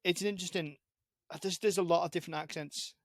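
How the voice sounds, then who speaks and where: British guy teasing his host on a video call, a bit high-pitched, dry close sound. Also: fairly even intonation, quick pace, no echo. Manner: teasing, chatty, with stumbling restarts. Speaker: podcast guest. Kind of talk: casual chat.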